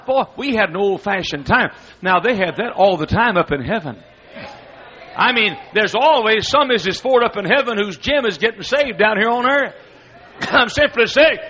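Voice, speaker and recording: A man preaching a sermon, telling a folksy, humorous story with loud bursts. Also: high voice, lively intonation, moderate pace, slightly rough. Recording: dull lo-fi recording.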